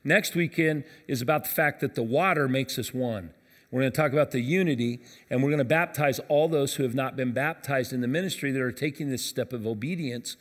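A man's voice: medium pitch, a little fast, fairly bright tone. A man in his fifties, a pastor, preaching a sermon in a conversational storytelling way with touches of humor. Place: church auditorium. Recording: church hall with long reverb.

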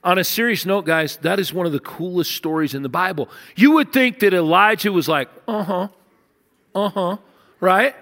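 Male preacher, bright forceful voice, slightly high, storytelling sermon. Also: brisk, gravelly, hardly any pauses. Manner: animated storytelling, voices characters, drops to hushed intensity. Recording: long reverb of a large hall.

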